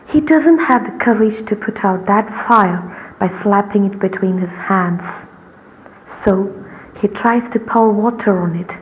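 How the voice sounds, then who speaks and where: A woman narrating a short story in a measured, deliberate way. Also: mid-range voice, phone-quality sound, slight background noise.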